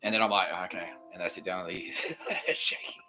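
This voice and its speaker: A man's voice: low-pitched, fairly even intonation, fast talker, bright, forceful tone, soft background music, rough recording. An Australian man hosting a podcast, telling a rambling, profane comic story and laughing between phrases. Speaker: podcast host.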